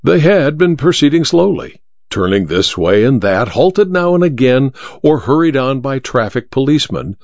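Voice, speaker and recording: A male narrator reads a story in a measured, expressive manner. His mid-range voice rises and falls freely. The recording is dry, close and slightly muffled. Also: medium pitch, dry recording. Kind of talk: audiobook narration.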